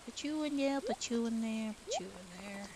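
A young woman streaming a game, chatting to herself in casual commentary with sudden loud outbursts. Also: fairly high pitch, animated, moderate pace, noisy background.

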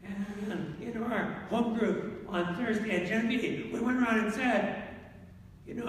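A male pastor preaching an animated sermon, reading scripture slowly and solemnly in old-fashioned wording. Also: high voice. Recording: echoey hall from far off, faint noise.

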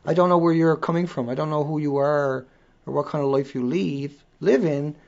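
This livestream host, a man with an accent, rants casually and bluntly, swearing as he goes. His slightly high voice has vocal fry, a darkish tone and fairly even intonation at normal speed, and the audio is dull and lo-fi.

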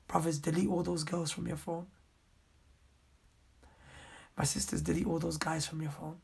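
A young male preacher speaks on a live stream in a hushed, breathy voice, earnestly pleading with his listeners. His tone stays flat and level, with a rough, gravelly edge and a very husky, airy texture. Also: fairly high pitch, normal speed. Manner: earnest pleading, reading viewer comments aloud. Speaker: Islamic preacher. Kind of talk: live-stream sermon reading comments.

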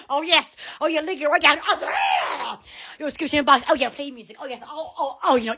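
Woman hosting a livestream, loud and goofy, high and bright, voice leaping around. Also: brisk, slight background noise. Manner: loud, silly, shrieking with laughter. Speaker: online shop seller on a livestream. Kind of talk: excitable livestream product chat.

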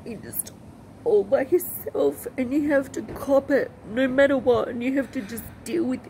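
A woman giving a personal vlog update, talking in an emotional, halting and rambling way. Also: high-pitched, dark tone, slight background noise, rough recording. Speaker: vlogger. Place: outdoors with passing aircraft.

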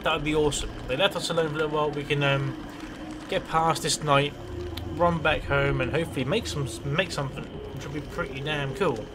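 A man's voice: a little high, fairly even intonation, fairly quick, background noise. A man giving casual gameplay commentary as a let's play host, rambling, swearing freely and talking to himself.

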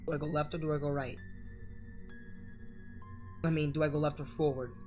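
A woman's voice: sits low, steady tone, normal speed, a little mellow, soft background music. A woman narrating her own horror game playthrough with profane, jokey, dramatic commentary. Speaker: gaming YouTuber. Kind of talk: horror game let's play.

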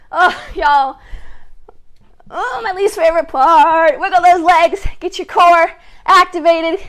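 A woman leading a children's story time and wiggle warm-up at home, upbeat and chatty, talking straight to the kids. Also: very high voice, a little slow. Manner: upbeat, playful, chatty, addresses kids directly. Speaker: family educator hosting story time. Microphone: own mic with a close camera.

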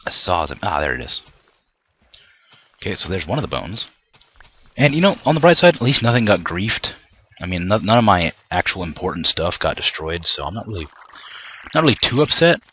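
A man's voice: deep voice, sing-song, fairly quick, pauses often, pushed and bright, breathy edge. A young man commenting on his own gameplay, often frustrated and ranting at the game with mild swearing. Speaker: gameplay video creator.

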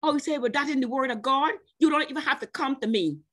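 A woman preaching a sermon at a church service, speaking personally to members of the congregation and stretching out slow scripture quotes between bursts of emphasis. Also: high voice. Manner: chatty, personal asides to named congregation members. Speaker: guest preacher.

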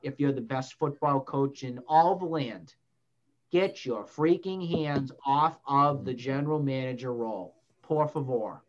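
A man's voice: medium pitch, a little slow, highs cut off. A man hosting a sports talk show in a small public-access studio, ranting bluntly and swearing mildly. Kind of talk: casual sports debate.

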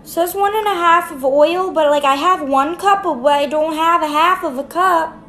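A woman's voice: very high-pitched, moderate pace, fairly bright tone, a little hiss or hum. A young woman vlogger chatting in an upbeat, goofy way. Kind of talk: casual vlog narration. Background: background music.

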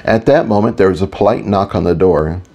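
A man narrating a fantasy audiobook in the first person with a steady, even delivery. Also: sits low, brisk.

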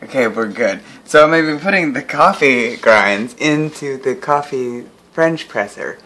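Bright-voiced man rambling at home. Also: medium pitch, lively intonation, measured pace. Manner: rambling, self-mocking, mumbled asides. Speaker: vlogger. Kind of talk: casual rambling vlog. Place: at home making coffee.

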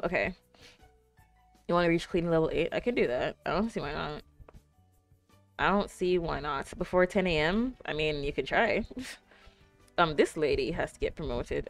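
A young woman streaming live, chatting casually with her viewers in a rambling way full of fillers. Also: sits low. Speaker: Twitch streamer.

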